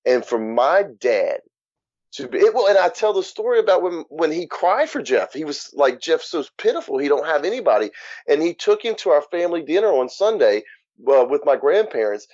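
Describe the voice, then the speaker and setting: A man's voice: a little high, very animated, moderate pace, a little mellow, no room sound. A man speaking as an interview guest, telling his story frankly and casually, swearing and sometimes laughing at grim moments. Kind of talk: candid conversational storytelling. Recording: dull muffled podcast audio.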